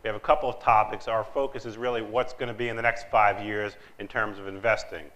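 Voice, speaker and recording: A man with a lowish voice moderates a business panel. He keeps it loose and conversational, with fillers and casual asides. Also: steady tone, a little fast, a bit bright, poor audio.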